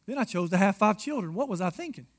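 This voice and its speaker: Man preaching, high pitch, candid personal tone, addressing the congregation. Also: animated, quick pace. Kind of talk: sermon to a men's audience.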